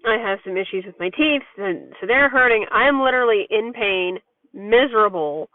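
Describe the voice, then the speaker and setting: This is a candid vlog monologue in which a mother chats frankly and at length about parenting life. Her medium-pitched voice is expressive and moves at a normal speed, captured with no echo in a dry, tinny, phone-like recording.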